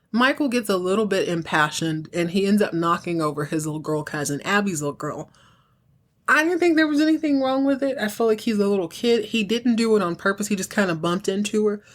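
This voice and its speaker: A woman hosting a podcast, casually recapping a TV episode and acting out the characters' lines. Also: fairly low pitch. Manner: animated storyteller, acts out characters' lines. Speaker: podcast host.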